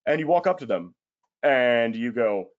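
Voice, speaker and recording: A man's voice: mid-range voice, animated, unhurried, highs cut off. A man giving a casual webinar sales talk, blunt and emphatic, in colloquial words with the odd swear.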